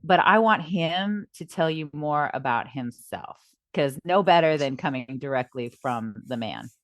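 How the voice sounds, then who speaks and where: A woman co-hosting a podcast, telling a lively anecdote in a casual way. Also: deep voice, unhurried, dry recording. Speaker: podcast co-host.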